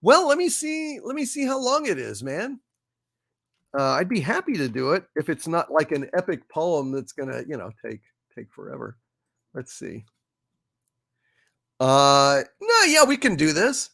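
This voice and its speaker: A man hosting a casual livestream and reading viewer messages aloud, jokey and animated, with sudden loud greetings and playful teasing. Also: a little slow, gravelly, no room sound, clean studio sound. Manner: animated, jokey, shouting greetings with big pitch jumps. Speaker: livestream host. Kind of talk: casual livestream chat reading super chats.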